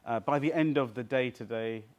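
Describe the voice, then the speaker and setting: A man's voice: medium pitch, normal speed. A man leading a live workshop, teaching a small group in an interactive way and often checking that they follow. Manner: interactive, keeps checking with the audience. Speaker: seminar trainer. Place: seminar room with a small group.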